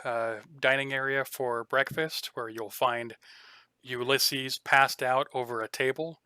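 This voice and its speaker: A man running a tabletop game as game master, narrating in a relaxed, rambling way with frequent ums. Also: medium pitch, measured pace, smooth, no echo.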